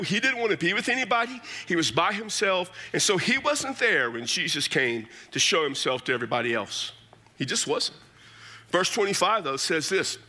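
Animated, bright-voiced male pastor preaching. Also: high-pitched. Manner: animated storytelling with casual asides. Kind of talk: sermon.

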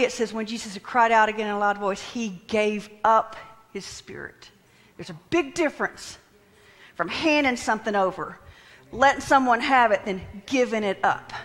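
A woman with a bright, fairly high voice preaches a sermon and acts out the prayers she quotes, often sinking to a near whisper. Her voice rings with the long reverb of a large hall. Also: normal speed.

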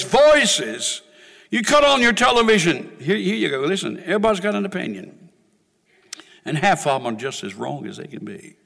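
A man preaching a sermon in a dramatic way, dropping to quiet asides and rising to shouted exhortations, recorded with a long hall reverb in a church. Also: sits high, vocal fry.

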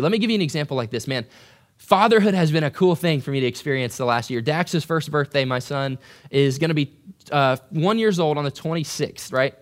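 A young man preaching a conversational sermon, animated and acting out quoted voices. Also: a little high, brisk. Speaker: pastor.

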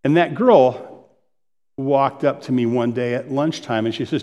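A man's voice: mid-range voice, moderate pace, warm tone, long reverb tail. A middle-aged man preaching a sermon, talking in a conversational way with asides and self-deprecating jokes. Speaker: pastor.

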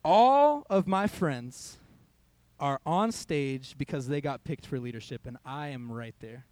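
A man's voice: medium pitch, lively intonation, measured pace, darkish tone. A young man, a youth pastor, giving a conversational sermon in a church hall, telling a personal story and quoting his own thoughts.

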